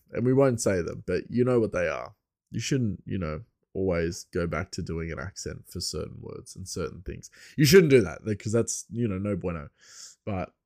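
A man's voice: lowish voice, darkish tone, no room sound, clean studio sound. An Australian man hosting a podcast on his own, chatting casually, laughing often and wandering into asides. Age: adult with a young son. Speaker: podcast host. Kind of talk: casual rambling monologue.

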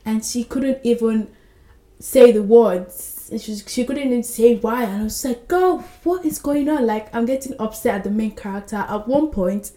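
A woman hosting a book podcast, retelling scenes with lively character voices in casual chat. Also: fairly high pitch, normal speed, echoey room.

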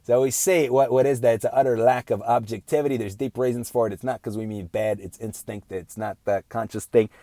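A man's voice: mid-range voice, steady tone, dark tone. An earnest man speaks in a middle-range voice, delivering an unscripted moral lecture. He fires off rhetorical questions and keeps asking "right?", stumbling through restarts and ums along the way. The sound is dry and close, with no room echo. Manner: halting restarts with many fillers. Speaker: speaker giving a moral talk.

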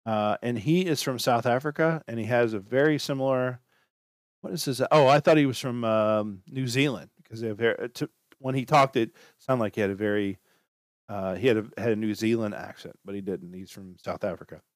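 A man talks through casual career advice in a loose, rambling way, circling back and repeating himself as he goes. His voice sits at an ordinary middle pitch and is recorded close and dry, with no room sound. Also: fairly quick, dry recording. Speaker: podcast host.

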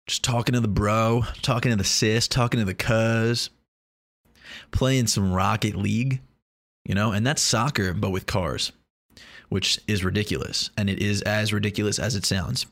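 A young man with a slightly low voice riffs through a loose, casual monologue. He rambles, restarts and jokes, dropping profanity without a second thought. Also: steady tone, normal speed, fairly bright tone, no room sound.

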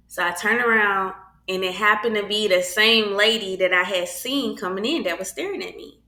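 A middle-aged woman casually telling a personal faith story, animated and acting out the voices of the people in it. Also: medium pitch, normal speed, roomy sound. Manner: animated, acts out quoted voices.

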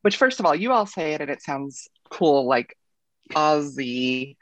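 An American woman co-hosting a casual podcast interview, animated and giggly, rambling through her thoughts. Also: low-pitched, normal speed, no room sound. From United States. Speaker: podcast co-host.

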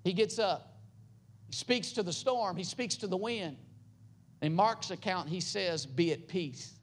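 A pastor preaching a sermon, building up into loud, high passages and then dropping to soft, low, quiet lines. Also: a little slow, husky.

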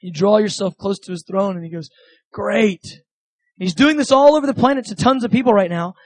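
Male preacher with a high voice; earnest, conversational delivery with repeated phrases; dry sound. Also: fast, no room sound, rough recording. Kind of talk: sermon.

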